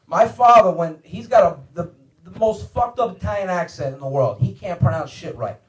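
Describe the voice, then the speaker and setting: Guy doing foul-mouthed stand-up stories, higher voice, echoey room, mic far off. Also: a little hiss or hum. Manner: profane, animated, acts out voices. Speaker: comedian guest telling stories. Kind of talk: stand-up storytelling.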